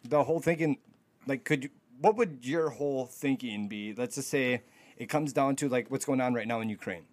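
Male podcast co-host, mid-pitch, meandering and filler-heavy, posing what-ifs. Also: normal speed. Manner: rambling, filler-heavy, hypothetical questions. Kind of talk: casual chat.

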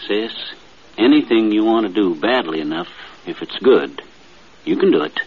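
Casual: folksy middle aged storyteller, raspy n bouncy, old muffled radio. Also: male voice, fairly low pitch, moderate pace. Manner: folksy, drawling, lively storyteller. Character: folksy middle-aged man spinning a bedtime tale. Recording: dull 1950s radio transcription.

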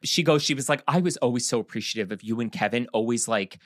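A man co-hosting a casual chat, talking in an animated, gossipy way and jumping in often. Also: medium pitch, no room sound, studio quality. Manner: animated, gossipy, quick to jump in. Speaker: podcast co-host.

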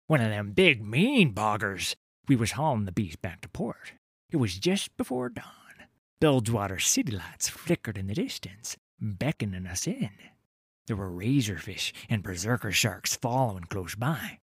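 An actor playing a grizzled, boastful old sailor telling a tale in a tavern, in rough dockside dialect that drops to whispers and rises to roars. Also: male voice, lowish voice, no room sound, clean studio sound. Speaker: tavern storyteller. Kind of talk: dramatic audio story narration.

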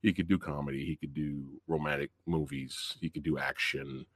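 A man's voice: rumbling low, normal speed, slightly rough, dry recording, studio quality. A man hosting a live movie review stream, chatting loosely and laughing a lot as he talks to viewers. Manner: excitable, laughs often, loose chatty slang; reads out chat messages and greets viewers. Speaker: movie review show host.

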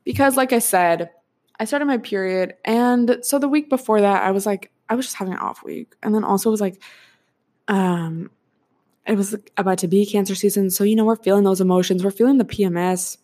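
A woman's voice: medium pitch, a little fast, warm tone. A young woman in her twenties hosting a casual solo podcast, chatty and frank, swearing freely and laughing often. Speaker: podcast host.

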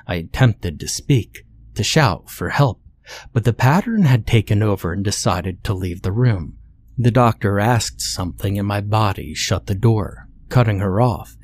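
A man with a somewhat low voice reads a horror story in a measured, somber way. His delivery is scripted and steady, a storyteller's narration. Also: no room sound.

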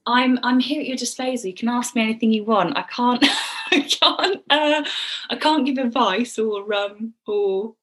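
A woman guest on a podcast, talking casually, with halting restarts and frequent laughter. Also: fairly high pitch. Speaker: guest author. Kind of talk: casual interview chat.

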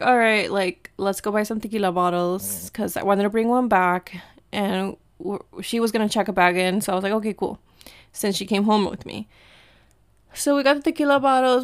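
A young woman from Mexico tells a travel story to the camera, chatty and animated, often acting out what she and others said. Her voice sits at a medium pitch. The sound is close and dry, with no room echo. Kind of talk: casual storytelling.

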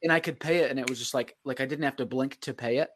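A man's voice: mid-range voice, fast, slight background noise. A man co-hosting a casual podcast, laid-back and reflective, using easygoing slang. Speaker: podcast co-host, real estate agent.

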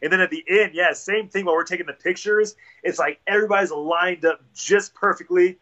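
A man's voice: high-pitched, fairly quick, pushed and bright. Easygoing young man, slightly muffled sound. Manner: easygoing, self-deprecating, many "like" fillers. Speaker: podcast guest. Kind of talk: casual chat.

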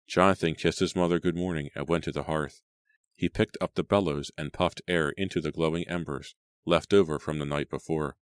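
Deep deep voiced guy reading an audiobook, steady, dry close mic. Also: fairly quick, no echo. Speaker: audiobook narrator. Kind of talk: scripted audiobook narration.

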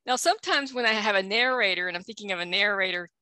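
A woman author chats as a podcast guest, easygoing and quick to laugh. Her voice is bright and crisp, with a dry, close sound. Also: mid-range voice, no room sound. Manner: giggly, easygoing. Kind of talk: casual interview chat.

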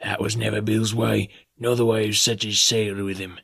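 A man reading an audiobook, voicing a sly, fawning middle-aged male pirate in a husky, wheedling way. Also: lowish voice, flat delivery, normal speed, fairly bright tone, no echo, studio quality, heavily acted. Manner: wheedling, half fawning, half sneering. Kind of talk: audiobook character voice.

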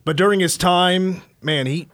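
Sports radio host, male, a bit higher voice, dry studio sound, stat-heavy breakdown. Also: a little slow, a bit bright, no room sound. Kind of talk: sports talk radio analysis.

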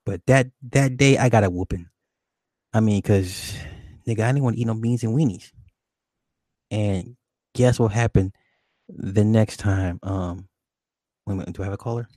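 A man's voice: on the low side, moderate pace, pauses often, a little mellow, dry recording, studio quality. A man hosting a call-in show, telling a childhood story in a laid-back, profane way and laughing often. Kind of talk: casual late-night call-in storytelling.

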